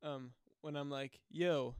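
A man's voice: on the high side, steady tone, normal speed, smooth, no echo. A man co-hosting a casual podcast, full of playful jokes and banter, speaking right into a close mic. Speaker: podcast co-host. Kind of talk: casual chat. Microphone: close drum mic.

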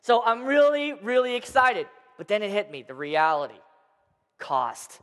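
A man in his thirties with a high voice, spinning a playful childhood story for a crowd and tossing questions at them. His voice rings through a large hall with a long, trailing reverb. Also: very animated, measured pace, fairly bright tone. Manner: playful, addresses the crowd directly. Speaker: storyteller speaking to an audience. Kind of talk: animated personal storytelling.

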